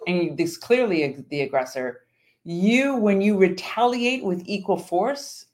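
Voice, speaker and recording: A woman co-hosting a podcast, chatting casually and explaining her points in a measured way. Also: mid-range voice, expressive, a little mellow. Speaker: podcast co-host. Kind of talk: casual chat.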